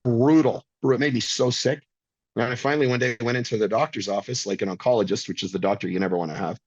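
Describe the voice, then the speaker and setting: A man's voice: medium pitch, fast, husky, no room sound, dull audio. A man in his fifties telling his own story in a blunt, profane, emphatic way as a podcast guest. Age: 50s. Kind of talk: casual storytelling.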